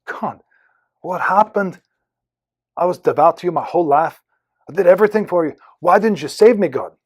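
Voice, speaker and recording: A man's voice: high-pitched, moderate pace, husky, voice pushed up. A man voicing a devout, stubborn man pleading for rescue, in an attempted Irish accent. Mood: bewildered. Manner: pleading, insistent.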